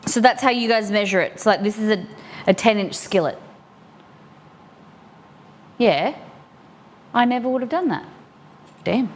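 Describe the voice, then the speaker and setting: A woman's voice: mid-range voice, animated, a little slow, long pauses, slight background noise. A woman hosting a live cooking stream, chatting casually with her viewers as she reads out a recipe and works in the kitchen. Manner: chatty, answers chat while cooking and reading a recipe aloud. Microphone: streaming mic.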